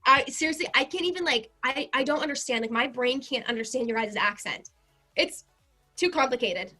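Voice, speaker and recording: Bubbly high-voiced American young woman. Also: animated, pushed and bright, soft background music. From United States. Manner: bubbly, rapid, many "like" fillers. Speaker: guest. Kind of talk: casual chat.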